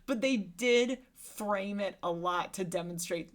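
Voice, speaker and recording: A woman in her thirties co-hosting a podcast, chatting about a movie in a lively way and laughing often. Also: mid-range voice, slow, few pauses. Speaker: podcast co-host. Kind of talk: casual movie-discussion chat.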